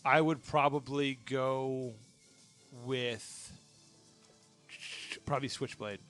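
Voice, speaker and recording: A man's voice: mid-range voice, slow, faint music behind. A young man co-hosting a podcast, chatting casually and jokingly about video games. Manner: relaxed, jokey, puts on a Jersey voice for laughs. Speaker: podcast co-host.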